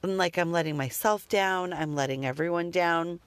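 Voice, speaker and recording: A woman's voice: on the low side, moderate pace, clear, resonant tone, dry recording. A woman talking candidly about parenting in a rambling, self-critical monologue with the odd curse word. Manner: rambling, self-deprecating, occasionally profane.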